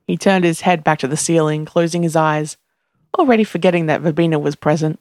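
A woman narrating a story in a steady, even reading voice. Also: low-pitched, brisk, no echo, clean studio sound. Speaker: reader. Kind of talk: audiobook narration.

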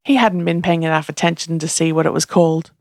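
A woman narrating a story in a steady, even reading voice. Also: sits low, quick pace, dry recording, clean studio sound. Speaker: reader. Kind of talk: audiobook narration.

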